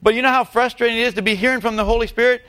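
A man's voice: extremely high pitch, fairly even intonation, very fast, bright, forceful tone, clear, resonant tone. A man preaching a sermon, emphatic and repeating key phrases, putting rhetorical questions to his congregation. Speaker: pastor.

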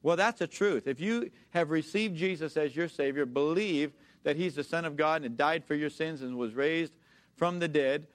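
A man with a fairly high voice preaches a sermon. He leans on repetition, slows down deliberately over scripture and calls on the congregation to answer back. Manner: emphatic, repeats key phrases, slows to read scripture.

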